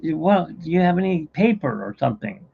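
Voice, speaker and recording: A man's voice: a little high, sing-song, brisk, vocal fry, breathy edge, narrow, tinny audio, voice pushed up, exaggerated voice. A man voicing a sheepish, dim-witted male field worker in a joke, pleading as he talks.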